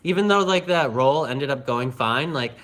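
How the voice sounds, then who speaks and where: A young man talks through a personal story on a livestream. He is chatty and animated, peppering his speech with filler words and laughter, at an ordinary middle pitch. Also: moderate pace. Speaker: vlogger.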